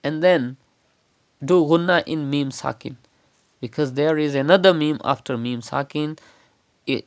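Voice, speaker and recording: A male recitation teacher giving a step-by-step lesson, patiently explaining sounds and stretching words out slowly to show their pronunciation. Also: mid-range voice.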